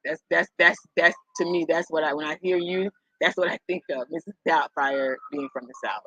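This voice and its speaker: A middle-aged woman rambles through a casual chat with her viewers, chuckling and circling back on herself. Her voice is bright and forceful. The sound is dry and a little lo-fi. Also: low voice, fairly even intonation, moderate pace, dry recording. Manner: rambling storyteller, chuckles often, repeats herself. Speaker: live-stream host chatting with viewers. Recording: dull lo-fi sound.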